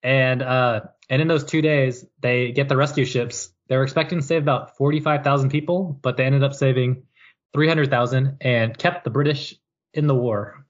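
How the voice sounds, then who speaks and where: A man's voice: medium pitch, fairly even intonation, moderate pace, dull audio. A man co-hosting a podcast, casually recapping history with jokes and mock quotes. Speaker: podcast co-host. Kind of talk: casual chat.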